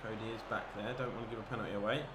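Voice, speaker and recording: A man commentating on his own football video game match, chatty and easily excited, breaking into shouts at big moments. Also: lowish voice, rapid-fire. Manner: excitable, bursts into shouts at chances. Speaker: gaming commentator. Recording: echoey room with background noise.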